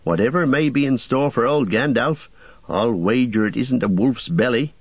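A man voicing a loyal, stout-hearted male hobbit servant in a storybook reading, plain and steady. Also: medium pitch, normal speed, slightly rough, no echo. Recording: dull dry audiobook recording.

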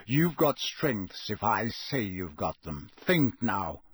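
A man voicing a gruff, blunt old male wizard in an audiobook reading, growling his lines in a husky voice. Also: lowish voice, big pitch swings, slow pace, dry recording, full character voice.

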